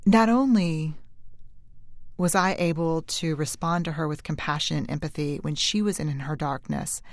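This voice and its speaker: Low gravelly-voiced woman telling a story. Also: dry recording, clean studio sound. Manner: candid, confiding, shifts between brisk and slow hushed phrases. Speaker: researcher giving a talk. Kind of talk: personal storytelling talk.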